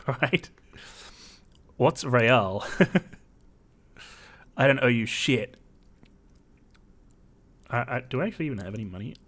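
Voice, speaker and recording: A man's voice: medium pitch, expressive, slow, long pauses, fairly bright tone. A man streaming a game, casually reading out his dialogue choices and swearing with a laugh. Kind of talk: casual gaming commentary.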